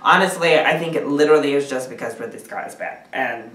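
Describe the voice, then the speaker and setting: A man's voice: fairly high pitch, fast, sharp tone. A man who is a guest film reviewer, giving his views in a casual, emphatic way and laughing often. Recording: roomy, distant from the mic.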